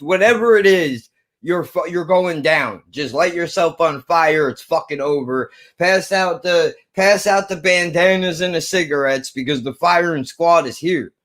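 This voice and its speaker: A man's voice: high voice, fairly bright tone. Heated, profane man in his thirties. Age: 30s. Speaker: vlogger. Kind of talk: ranting storytelling.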